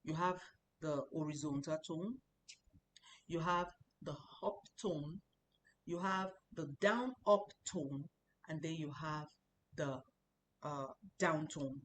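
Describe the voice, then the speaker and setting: A woman's voice: low-pitched, takes it slowly, long pauses, a little hiss or hum. A woman teaching a Chinese language lesson, explaining patiently and repeating sounds for practice. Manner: explanatory, repeats words for practice, chatty asides.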